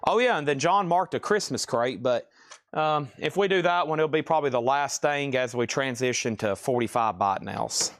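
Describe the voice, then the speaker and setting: A man hosting a live record sale stream, rattling off items, grades and prices in a brisk, matter-of-fact way. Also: medium pitch, a bit bright, dry recording. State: briefly out of breath. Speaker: livestream record sale host. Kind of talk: live sales patter.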